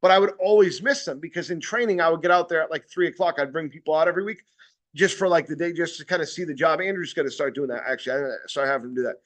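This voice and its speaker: A man's voice: fairly high pitch, racing, a bit bright. Blunt, rambling man with a raised voice. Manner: rambling and blunt, swears freely, checks in with listeners often. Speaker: sales trainer. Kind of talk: casual training talk.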